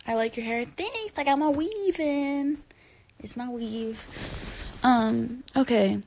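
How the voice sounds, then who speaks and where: It's bedtime, and a singer who hasn't slept is livestreaming from home, phone camera close, reading fans' comments in a rambling, giggly way with occasional whispers. Her slightly high voice has lively intonation, a slow pace and a darkish tone, with a little hiss or hum.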